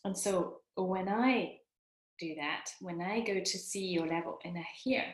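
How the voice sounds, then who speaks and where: Woman, motivational speaker, earnest, repeats for emphasis, unhurried, roomy echo. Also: fairly low pitch. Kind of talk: motivational self-help talk. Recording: echoey room.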